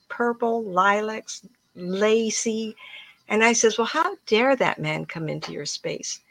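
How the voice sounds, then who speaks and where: Low gravelly woman, chatty medium. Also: a bit bright, no echo. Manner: chatty, storytelling, emphatic. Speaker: spiritual medium host. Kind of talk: casual spiritual talk. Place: room at home with plants.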